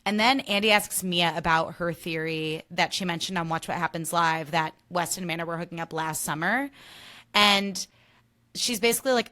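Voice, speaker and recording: Young woman podcast host, chatty and sarcastic, swears a lot, lowish pitch but bright tone. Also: normal speed. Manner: chatty, sarcastic, swears freely, acts out quotes. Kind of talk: casual reality TV recap.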